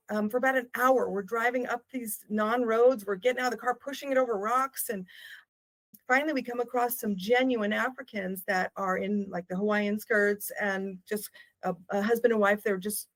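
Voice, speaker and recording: An older woman, a travel writer, telling stories as a podcast guest in a lively, laughing manner. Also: fairly high pitch. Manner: animated, laughing storyteller. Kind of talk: storytelling in a podcast interview.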